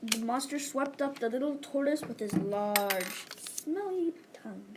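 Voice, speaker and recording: A woman's voice: a little high, expressive, a little slow. A woman reading a story aloud as one of several narrators, plain with a few restarts. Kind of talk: group read-aloud narration. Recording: crowd noise behind.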